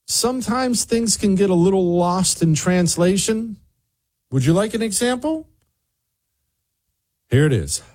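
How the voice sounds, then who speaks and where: A man hosting a show, telling a lively anecdote in casual chat and acting out the people in it. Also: sits high. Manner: animated anecdote telling, voices other people in quotes. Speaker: radio show host.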